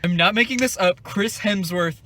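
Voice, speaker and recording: A man's voice: sits high, normal speed, bright, forceful tone, a little hiss or hum. A young man hosting a casual movie review chat, laughing often and swearing freely.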